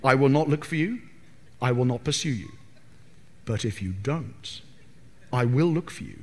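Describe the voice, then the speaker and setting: A man putting on the voice of a grim middle-aged father who coldly threatens his daughter's kidnappers, low and menacing, in a reverberant hall. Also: expressive, natural voice. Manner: low, slow, menacing delivery.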